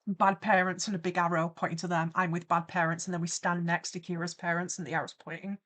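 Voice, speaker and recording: A woman streamer chatting on a live stream while animating, reading viewer comments aloud and reacting to them with excitement. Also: lowish voice, fast talker.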